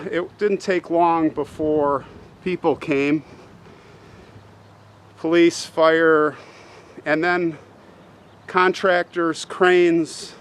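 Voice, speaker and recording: Slow-talking man storytelling outdoors. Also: on the high side. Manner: slow, earnest retelling with pauses and restarts. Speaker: host. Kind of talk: outdoor cemetery vlog storytelling. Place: outdoors at a cemetery. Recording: faint outdoor background noise.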